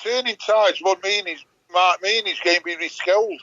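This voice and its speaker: An Englishman joins a casual gaming roundtable, dropping short, relaxed, joking remarks. His voice sits fairly high and bright. The sound is dry and dull, like lo-fi call audio. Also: moderate pace.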